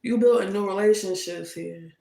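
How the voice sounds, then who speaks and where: A woman's voice: mid-range voice, normal speed, vocal fry, mellow. A woman giving a casual tarot reading, speaking emphatically and scolding with indignant rhetorical questions. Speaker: tarot reader. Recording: echoey room.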